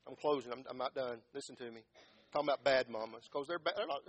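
A man preaching a sermon as pastor, swinging from loud impassioned calls down to low quiet words. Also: quick pace. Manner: impassioned, rising to shouts and dropping low.

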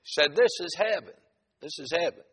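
A man's voice: on the high side, lively intonation, a little fast, fairly bright tone, in a large hall, slight background noise, pitched above the performer's own voice. A man voicing Saint Peter as a patient heavenly gatekeeper in a joke told from the pulpit, talking in a raised, insistent way. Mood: emphatic. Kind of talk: preacher acting out a joke.

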